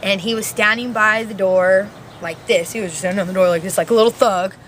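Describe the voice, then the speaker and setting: An eighteen-year-old woman telling her story in a casual, animated interview. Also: mid-range voice, a little fast, a little hiss or hum. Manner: animated retelling with acted quotes, casual.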